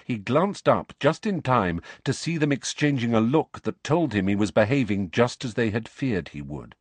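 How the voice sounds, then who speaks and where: A man narrating an audiobook in a measured, expressive way, close to the mic. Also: mid-range voice, no room sound. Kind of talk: scripted narration.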